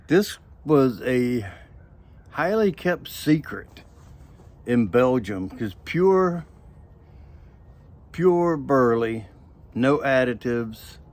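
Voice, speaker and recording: A man's voice: mid-range voice, a little mellow. A man hosting a casual pipe tobacco review video, talking in a folksy, rambling way with joking asides.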